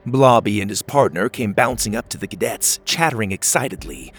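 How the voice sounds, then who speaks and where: A man narrating a children's space adventure story in a steady, descriptive read-aloud manner. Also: on the low side, a little fast, slightly rough.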